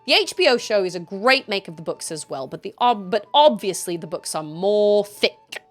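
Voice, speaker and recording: A woman's voice: mid-range voice, expressive, normal speed, soft background music. A woman in her thirties streaming a game, chatting casually, reading chat and laughing often. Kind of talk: casual chat while gaming.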